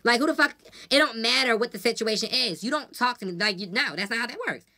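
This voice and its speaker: Fast-talking blunt woman vlogger. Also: a little high. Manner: blunt, profane, animated storytelling. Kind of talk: casual venting to camera.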